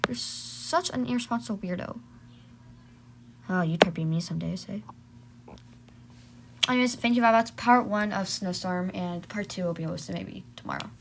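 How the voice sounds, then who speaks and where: A woman's voice: medium pitch, animated, normal speed, pauses often. A woman telling a homemade role-play story, switching between voices of bickering siblings. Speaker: storyteller voicing all characters. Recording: loud background noise.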